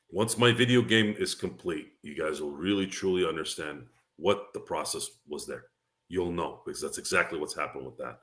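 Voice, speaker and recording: A man's voice: sits low, a bit bright. A man hosting a sports talk show, rambling emphatically from basketball into life lessons. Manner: rambling, emphatic, preachy asides. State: tipsy. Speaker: show host. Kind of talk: casual sports talk monologue.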